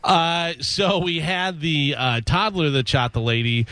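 A man's voice: fairly high pitch, a little slow, sharp tone, no room sound. Wry man reading radio news. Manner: casual, wry, tells jokes. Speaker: news segment host.

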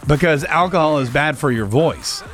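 A man's voice: a little high, expressive, normal speed, a bit bright, soft background music. A man hosting a morning radio show, joking casually and repeating the call-in number. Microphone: studio microphone.

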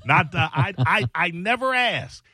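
A man hosting a talk show with a bright, forceful voice that jumps all over the pitch range. He jokes in a mock-boastful way and laughs easily. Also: very animated, unhurried, no echo. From Chicago. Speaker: show host. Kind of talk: joking radio-style banter.

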